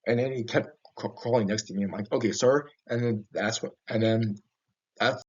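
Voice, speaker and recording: This man's horror tales are told in the first person, his voice husky and a bit low. He stumbles forward, restarting lines and dropping fillers, and the recording has a muffled, lo-fi quality.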